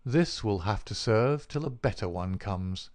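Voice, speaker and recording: A man's voice: on the low side, lively intonation, a little slow, darkish tone, no echo. A man voicing a cool, commanding male detective in an audiobook, with clipped, firm speech. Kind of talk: audiobook character reading.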